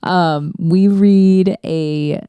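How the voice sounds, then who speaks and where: Woman, casual conversation, slow, deep for a woman, relaxed and hesitant, dry sound. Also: smooth, dry recording. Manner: relaxed, hesitant, restarts her sentences. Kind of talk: casual chat.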